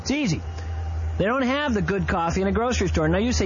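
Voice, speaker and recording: A man hosting a late-night radio talk show, doing a rambling, mock-ranting comic ad read with sudden loud outbursts. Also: high-pitched, lively intonation, quick pace. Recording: slightly dull AM radio broadcast with faint hiss.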